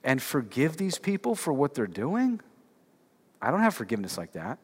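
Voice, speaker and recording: A man's voice: medium pitch, huge pitch swings, normal speed, breathy edge. A man preaching a sermon in a church, casual and conversational, with lots of filler words and emphatic rhetorical questions to the congregation. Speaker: pastor. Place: church sanctuary. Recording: long hall reverb.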